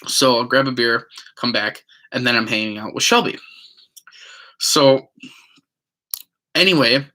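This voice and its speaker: A man with a bright, forceful voice tells a personal story to the camera in loose, casual talk. He rambles along with plenty of ums and likes, and slips into acting out what other people said. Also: medium pitch, unhurried. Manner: rambling, many fillers, acts out quotes. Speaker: vlogger.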